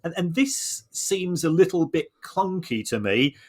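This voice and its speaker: A man co-hosting a podcast, explaining points in a measured way with frequent restarts and repeated words. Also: fairly high pitch, animated, husky. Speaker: podcast co-host. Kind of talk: conversational analysis.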